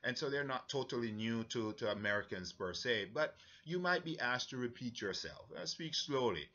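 A Jamaican man gives an earnest, halting church briefing, leaning on fillers as he goes. His voice is bright and forceful. The recording sounds somewhat dull and lo-fi. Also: medium pitch, lively intonation. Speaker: mission trip leader.

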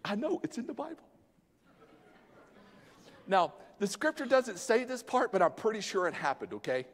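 A male pastor preaches with dramatic flair and casual, joking slang. His voice sits a bit high and leaps up and down as he builds the story. The sound rings out through a large sanctuary with a long tail of echo. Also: sing-song, moderate pace. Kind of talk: sermon. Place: church sanctuary. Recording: long church hall reverb.

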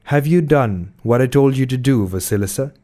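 A man's voice: mid-range voice, normal speed, mellow, lightly acted. A man reading Baba Yaga, a threatening old witch. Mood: menacing. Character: fearsome old witch woman, greedy and threatening.

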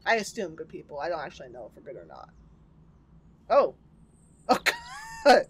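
A woman's voice: sits low, very animated, moderate pace, pauses often, a little hiss or hum. A woman playing a horror game and commenting casually, chatty and reactive, with jokes and swearing. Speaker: game streamer. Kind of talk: let's play commentary.

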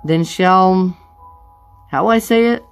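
A woman's voice: on the low side, faint music behind, voice pushed down. A woman voicing a wedding officiant who keeps stumbling over the words of the ceremony. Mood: solemn, fumbling. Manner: halting, loses track of the words. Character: wedding officiant, hesitant and fumbling.

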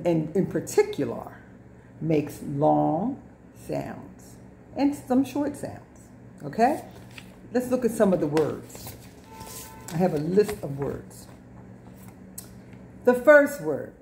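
A woman's voice: on the low side, vocal fry, mellow, a little hiss or hum. A woman teacher giving a lesson to young children, repeating words, drawing out sounds and spelling words letter by letter. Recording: echoey room.

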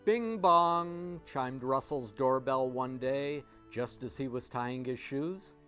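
A man reading a children's picture book aloud with expressive storytelling. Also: medium pitch, takes it slowly, faint music behind. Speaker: storybook reader.

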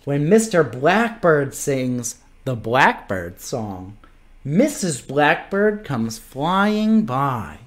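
A man reading a picture book aloud to children, playful and animated, stopping to make animal noises. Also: mid-range voice, extremely slow. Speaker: children's story reader.

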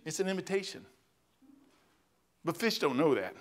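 In the church sanctuary, this male pastor delivers his sermon in a high voice that swings widely in pitch. His pace is brisk but broken by frequent pauses, and his stories come out folksy and plain-spoken with sudden emphatic bursts.

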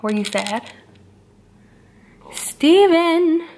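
A woman's voice: very high voice, lively intonation, extremely slow, darkish tone, a little hiss or hum. Teasing young woman vlogger. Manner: teasing, playful, repeats questions. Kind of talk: casual prank vlog chat.

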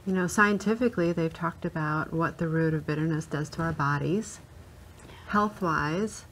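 Low-voiced woman, reflective faith talk. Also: normal speed, a bit bright, slight background noise, poor audio. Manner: reflective, thoughtful, preaching-like. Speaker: discussion panelist. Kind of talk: Christian talk-show discussion.

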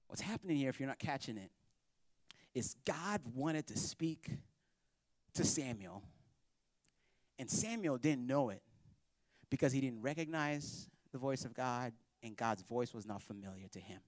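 A male pastor preaching a sermon in a joking, animated storytelling manner. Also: medium pitch, moderate pace, no echo, studio quality. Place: church.

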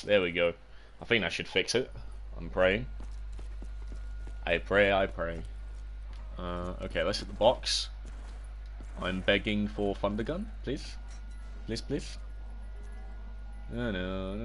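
A young British man streaming a zombie game, chatting to viewers and yelping and cursing at the game. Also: on the low side. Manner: excitable, yelps and shouts at the game, chats to viewers. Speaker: livestreamer. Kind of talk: casual gaming livestream commentary.

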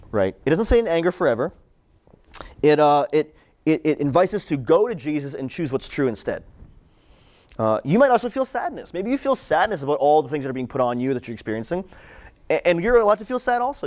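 A young man speaks to a student group in a lively, conversational preaching style. His pitch sits a little high for a man and swings widely as he repeats lines for emphasis, dropping low and quiet to close a thought. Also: a little fast. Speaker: campus ministry speaker. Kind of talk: sermon-style talk.

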